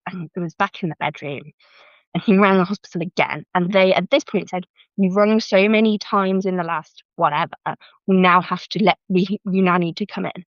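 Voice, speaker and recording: A young British woman with a British English accent and a medium-pitched voice is a podcast guest, recorded on a dry close mic that sounds slightly muffled, with no room sound. She tells her birth story in casual chat, lively and acting out what other people said, often with "I was like".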